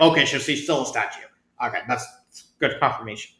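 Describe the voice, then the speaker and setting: A man's voice: on the high side, sing-song, brisk, pushed and bright. A man reading fanfiction aloud, often breaking off to comment, stumbling over words and giggling at the text. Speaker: fanfiction reader. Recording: roomy echo.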